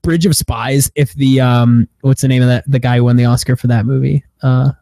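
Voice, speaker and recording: A man's voice: mid-range voice, fairly even intonation, fairly quick, creaky, dark tone, no echo, clean studio sound. A young man co-hosting a casual movie review podcast, swearing often and acting out silly quotes. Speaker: podcast co-host.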